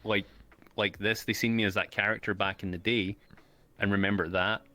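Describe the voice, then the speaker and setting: Easygoing host with a bright voice. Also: male voice, fairly low pitch, level tone, normal speed. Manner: easygoing, slangy. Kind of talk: casual interview chat.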